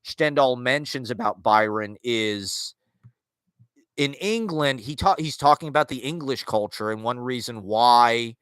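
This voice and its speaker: A man with a bright, forceful voice talks in a loose, wandering monologue, circling his points with fillers and restarts. The sound is dry and close, with no room around it. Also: mid-range voice, unhurried, clean tone, dry recording. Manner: rambling, filler-heavy, restarts, wry asides. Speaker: podcast host. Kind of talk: casual monologue on literature and culture.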